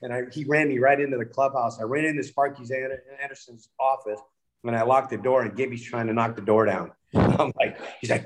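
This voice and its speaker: A former pitcher in an interview, telling old clubhouse stories casually, acting out quotes and laughing often. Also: male voice, moderate pace. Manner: animated storyteller, acts out quotes, laughs often. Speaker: guest, former baseball pitcher.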